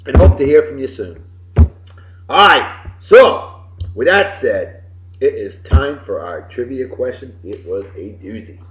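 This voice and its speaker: A man, hosting casual birthday shout-outs in an exuberant voice that swings from loud bursts to mumbled asides. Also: mid-range voice, very animated, measured pace. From Massachusetts. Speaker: podcast host. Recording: roomy, muffled lo-fi home recording.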